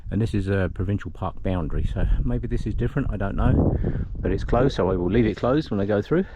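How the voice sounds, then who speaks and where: A man's voice: on the low side, expressive, brisk, dull audio, heavy background noise. A man filming himself outdoors on a mountain trail, chatting casually as he walks and gives directions. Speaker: trail volunteer vlogger. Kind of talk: casual walking narration. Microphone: handheld camera, filming while walking.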